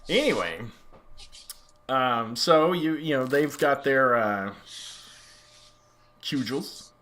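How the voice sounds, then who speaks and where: A man's voice: medium pitch, animated, slow pace, a bit bright. A man narrating a tabletop game as game master, rambling with fillers and joking with the players. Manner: rambling, many fillers, jokey.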